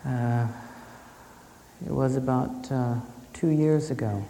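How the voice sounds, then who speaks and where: A man telling a personal story in a calm, reflective way before an audience. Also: medium pitch, takes it slowly, creaky, a little hiss or hum. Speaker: speaker. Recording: echoey hall with faint ambience.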